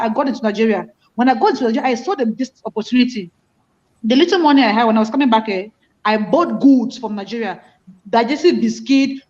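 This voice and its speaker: A woman's voice: a little high, lo-fi sound. A woman hosting a casual talk show who speaks emphatically and repeats phrases for stress. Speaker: host. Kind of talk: casual chat.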